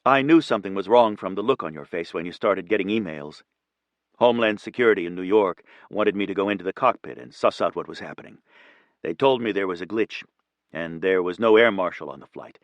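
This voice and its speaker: A male narrator voicing an exhausted, kind businessman who teases gently. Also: low voice, expressive, brisk, no echo. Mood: tired, warm. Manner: gentle teasing.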